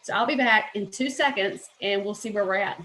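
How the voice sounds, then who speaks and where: A woman's voice: mid-range voice, fairly quick, bright, forceful tone, roomy sound, slight background noise, rough recording. A woman with a Southern US accent, hosting a cooking channel from her home kitchen, folksy and opinionated as she chats through a recipe. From American South. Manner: chatty, folksy and opinionated, says "y'all". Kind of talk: casual cooking demonstration.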